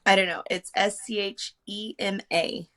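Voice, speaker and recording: A woman's voice: mid-range voice, steady tone, measured pace, sharp tone. A woman guest in a casual podcast chat, hesitant and unsure, often trailing off.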